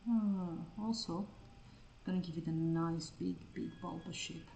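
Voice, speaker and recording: A woman's voice: fairly low pitch, steady tone, measured pace, creaky, mellow, reverberant, slight background noise. A woman art streamer chatting casually as she draws, scattered and self-mocking, and she swears freely. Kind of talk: casual live-stream chat while drawing.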